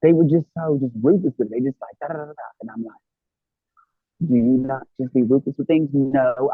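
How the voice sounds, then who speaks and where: A man from Los Angeles chats as a guest, acting out quoted thoughts with animation. His voice is husky. The sound is dry and tinny, like a phone line. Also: mid-range voice, brisk, no room sound. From Los Angeles, United States. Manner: animated, acts out quoted inner dialogue. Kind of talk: casual conversation about self-love.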